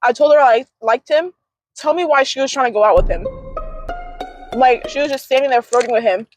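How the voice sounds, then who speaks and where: A young woman with a high voice chats casually from a parked car. She tells gossip animatedly and acts out the quotes of the people she talks about. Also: dry recording. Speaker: co-host.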